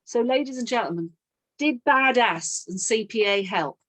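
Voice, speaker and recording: A woman's voice: fairly high pitch, animated, normal speed. A middle-aged woman leading a team coaching session, telling a sales story and acting out both sides of the call.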